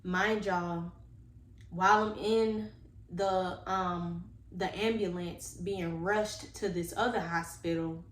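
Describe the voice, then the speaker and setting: A woman tells a personal story to her viewers, earnest and animated as she talks to them directly. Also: lowish voice, slow. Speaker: vlogger telling a personal story. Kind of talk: casual storytime monologue. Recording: echoey room with faint background noise.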